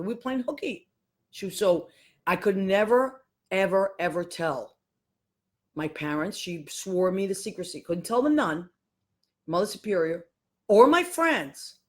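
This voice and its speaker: A woman tells a family story on her podcast. She talks casually and with animation, and acts out the voices of the people in it. Her voice sits at a middle pitch. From Boston, USA. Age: 50s. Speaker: podcast host.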